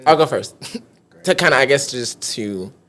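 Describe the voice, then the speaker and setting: A man hosts a casual podcast, talking in an easygoing, chatty way. He breaks into laughter often while he explains a party game to his guests. His pitch sits in a middle range for a man. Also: animated, measured pace, a bit bright. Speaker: podcast host. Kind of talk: casual chat.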